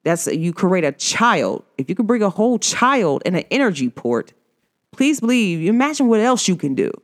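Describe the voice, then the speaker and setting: A woman's voice: medium pitch, big pitch swings, moderate pace. A woman hosting her own podcast, talking casually and a bit like a preacher to her listeners, with speech patterns. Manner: preachy, informal, addresses listeners as y'all. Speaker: podcast host. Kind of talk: casual motivational podcast talk.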